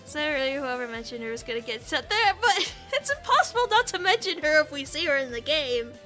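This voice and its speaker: A woman's voice: high-pitched, sing-song, a little fast, pushed and bright, faint music behind. A woman streaming a game live, chatting and giggling as she reacts to chat.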